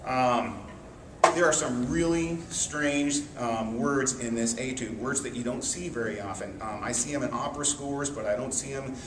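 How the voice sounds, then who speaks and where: A man's voice: medium pitch, normal speed. A man teaching trumpet in an echoey room. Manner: relaxed explanatory, sings phrases on syllables. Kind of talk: music lesson explaining an etude. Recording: echoey, distant mic with room noise.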